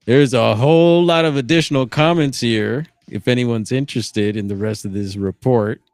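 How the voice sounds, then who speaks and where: A man hosting a casual livestream, reading reports aloud with relaxed, musing asides. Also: fairly low pitch, no room sound. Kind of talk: casual live commentary.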